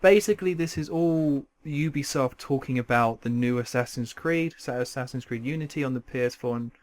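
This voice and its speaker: A young man hosting a podcast in casual chat, talking quickly with sarcastic asides. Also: medium pitch. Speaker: podcast host.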